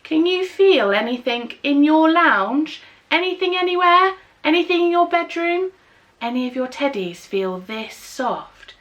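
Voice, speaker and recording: A woman's voice: high voice, expressive, a little slow, fairly bright tone, muffled recording. An English woman leading a children's storytime, reading a picture book aloud and coaxing little ones to make animal sounds. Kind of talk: reading a touch-and-feel book to young children.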